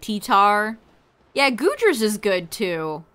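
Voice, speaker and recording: A woman's voice: mid-range voice, sing-song, takes it slowly, fairly bright tone. A woman streaming a game and chatting casually with her viewers, laughing often. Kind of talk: casual live-stream chat.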